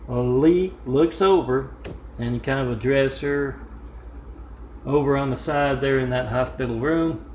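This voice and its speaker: A man telling a home-made story in a meandering way, full of "uh" pauses and side remarks, recorded in a room at home. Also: medium pitch, darkish tone. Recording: echoey room with faint noise.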